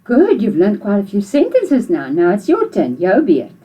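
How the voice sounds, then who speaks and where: A woman's voice: medium pitch, huge pitch swings, moderate pace, mellow, slightly rough, rough recording. A woman with a South African accent teaching a video language lesson to children, patiently repeating phrases for learners to say back.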